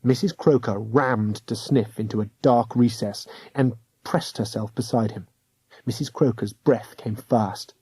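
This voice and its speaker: A man narrating a children's audiobook with a measured, dramatic reading. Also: mid-range voice, warm tone, husky, no echo. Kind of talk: scripted storybook narration.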